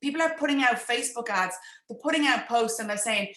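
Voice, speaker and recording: A woman coaching viewers on a livestream, her speech quick and chatty as she talks straight to them. Her voice is bright and sharp, pitched a little high, and the room around her echoes noticeably. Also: lively intonation. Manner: fast-talking, chatty, addresses viewers directly. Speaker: business coach. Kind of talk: live-streamed social media coaching talk.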